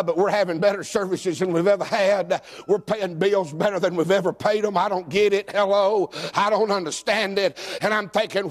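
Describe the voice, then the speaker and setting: High-voiced preaching man. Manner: swings from shouted, climbing preaching to low, confessional talk. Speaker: pastor. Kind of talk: sermon.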